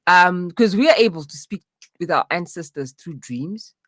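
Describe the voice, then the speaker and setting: Woman guest in a chat, kinda low voice, super affirming, dry sound. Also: expressive, moderate pace, fairly bright tone, no echo. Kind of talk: casual chat.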